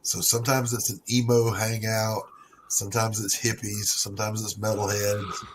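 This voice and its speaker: A man's voice: on the low side, flat delivery, normal speed, slight background noise, rough recording. A middle-aged man hosting a casual stream chat, telling stories loosely and swearing freely. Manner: laid-back storyteller, swearing freely. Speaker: stream host.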